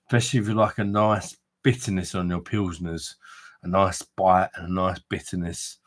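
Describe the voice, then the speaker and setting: A man's voice: low-pitched, a bit bright. A man hosting a late-night beer review live stream, chatty and tipsy, full of banter and casual swearing. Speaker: beer review livestream host.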